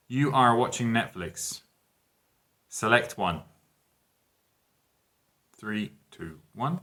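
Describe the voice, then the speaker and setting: Bright-voiced male teacher. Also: lowish voice. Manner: clear, emphatic example sentences, counting down answers. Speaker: English teacher. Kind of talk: online grammar lesson.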